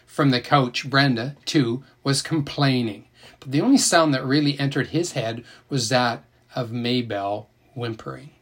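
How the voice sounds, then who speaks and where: A man narrating an audiobook in an expressive, emotional reading style. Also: medium pitch, a little slow.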